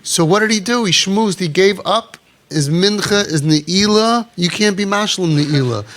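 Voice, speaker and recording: Man, middle-aged, sermon storytelling, slightly high voice, animated, acts out dialogue. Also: measured pace. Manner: animated, acts out dialogue with sudden drops to a low murmur.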